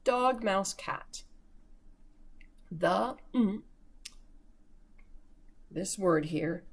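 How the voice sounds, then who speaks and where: A woman teacher giving a recorded remote lesson to young children, slowly sounding out words for early readers. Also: mid-range voice, lively intonation, gravelly, husky.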